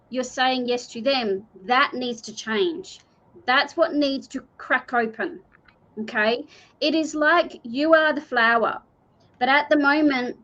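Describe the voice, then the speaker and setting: Her voice high and a bit bright, an Australian card reader offers a live intuitive reading in a repetitive, earnest, pleading way. The stream's audio is dull and lo-fi.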